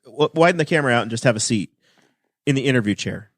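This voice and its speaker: A man hosting a podcast, teasing his guest with rapid questions in casual banter. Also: mid-range voice, expressive, no echo, clean studio sound. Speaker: podcast host.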